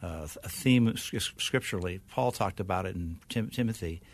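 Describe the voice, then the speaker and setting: A man's voice: low voice, normal speed. An older man, a guest minister, telling stories in a casual interview and often restarting his sentences. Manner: storytelling, chuckles, restarts often.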